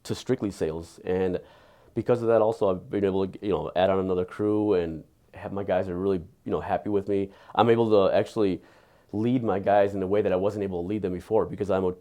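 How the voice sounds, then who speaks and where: A man giving an earnest, candid patient testimonial, halting and often repeating his words. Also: low voice, mellow.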